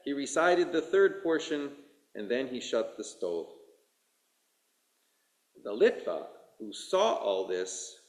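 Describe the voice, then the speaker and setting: A man, a rabbi, tells a story from the pulpit at an unhurried pace, his fairly high voice rising and falling with lively swings. The sound carries the echo of a roomy sanctuary around him. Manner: slow, expressive storytelling with voiced dialogue. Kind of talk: story read aloud in a sermon. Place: synagogue sanctuary. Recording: echoey room.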